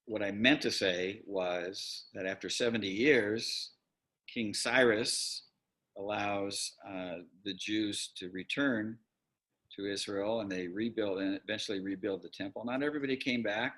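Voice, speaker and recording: A man teaching an online Bible class in a relaxed, rambling way, often stopping to correct himself. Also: fairly low pitch, unhurried. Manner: conversational, rambling with self-corrections. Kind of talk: casual online Bible lesson.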